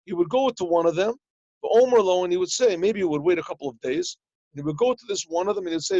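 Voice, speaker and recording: A man's voice: sits high, quick pace, warm tone, no echo. Male rabbi, lesson tone, acts out small dialogues in his stories, slightly muffled lo-fi call audio. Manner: explains in plain talk, translating Hebrew phrases as he goes. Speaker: rabbi teaching a yeshiva class. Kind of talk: Torah lesson over a video call.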